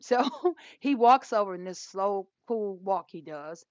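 Here the forties-aged co-host again spins a casual podcast story, animated and laughing, voicing both sides of the exchange. Her mid-range voice moves at a normal speed. The audio is dull, lo-fi and dry with no echo.

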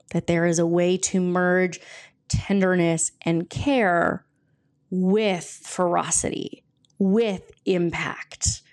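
A woman's voice: mid-range voice, darkish tone. Chatty woman hosting a podcast. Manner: chatty, self-deprecating, reads passages aloud. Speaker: podcast host and coach. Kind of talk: casual solo podcast talk.

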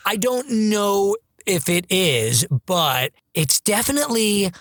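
A podcast host chatting excitedly about a film. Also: mid-range voice, slow pace, no echo, studio quality. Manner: excited, animated. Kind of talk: casual film chat.

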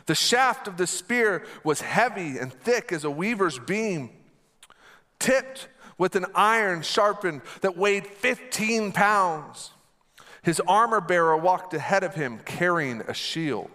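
This pastor's high voice is animated, slow, pushed and bright as he delivers an emphatic sermon. He repeats lines and calls for the congregation to answer back.

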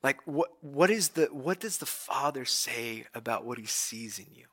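A male pastor giving a conversational, animated sermon, retelling scripture as a story. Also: medium pitch, normal speed.

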